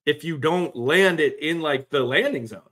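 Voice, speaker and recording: A man's voice: fairly high pitch, normal speed, a bit bright. A man co-hosting a podcast, chatting casually about sports in a rambling way with lots of fillers. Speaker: podcast co-host.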